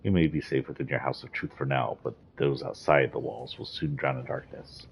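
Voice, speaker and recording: A man's voice: extremely low pitch, steady tone, a little fast, creaky, slight background noise. A man reading the lines of a villainous armored monarch sorcerer from game lore, close to his own voice. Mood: warning. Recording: dull lo-fi recording.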